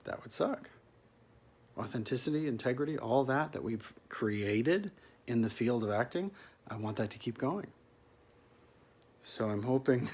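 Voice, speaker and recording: A man, an actor, giving a reflective solo monologue to an imagined listener, musing and halting with restarts and soft chuckles. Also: medium pitch, animated, slightly rough. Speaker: actor performing a solo piece.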